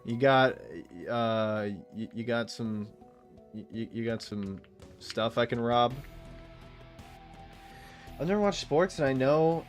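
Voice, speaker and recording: A man's voice: medium pitch, slow, pauses often, soft background music. A man in his late twenties, a streamer rambling and swearing through casual gaming chat. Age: late 20s. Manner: rambling, profane, animated storytelling.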